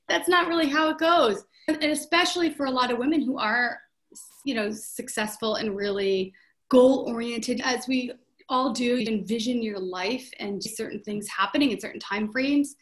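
Brief: forties woman executive, fairly high voice, open and reflective interview guest. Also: normal speed, a bit bright. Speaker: showroom CEO, podcast guest. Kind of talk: candid conversational interview.

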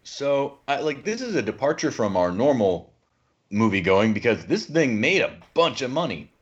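A man's voice: medium pitch, sing-song, moderate pace. A man co-hosting a movie podcast, teasing and exasperated in casual chat. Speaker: podcast co-host. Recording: dull lo-fi sound.

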